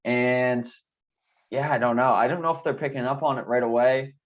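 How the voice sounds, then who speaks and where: A man casually discussing a TV episode as co-host, relaxed with chuckling asides. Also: medium pitch, normal speed. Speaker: podcast co-host. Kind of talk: casual TV recap chat. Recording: dull lo-fi sound.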